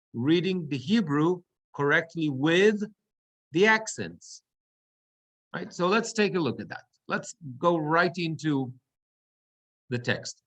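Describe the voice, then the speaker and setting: A middle-aged man teaches Torah reading to an online class, heard over a video call. His delivery is very slow and unhurried. He halts and restarts his sentences often as he works through each point. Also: on the high side, a bit bright. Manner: slow, halting, with many restarts.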